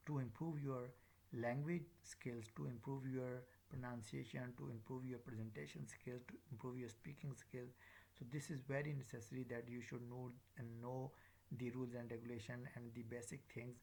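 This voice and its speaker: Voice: medium pitch, fairly even intonation, moderate pace, a little mellow, poor audio. A pronunciation teacher giving a recorded lecture, hesitant with frequent fillers and drilling example words one at a time.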